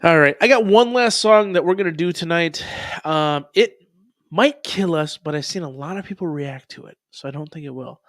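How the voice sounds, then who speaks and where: A man's voice: on the high side, moderate pace, fairly bright tone, no echo, clean studio sound. A man in his thirties hosting a casual live stream, rambling and profane with many ums. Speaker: streamer host reacting to music.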